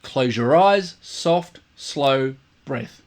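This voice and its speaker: Drawing out his words with lively intonation, a man with a mid-range voice teaches trumpet in a casual video. He repeats himself often and buzzes out loud to show how it's done.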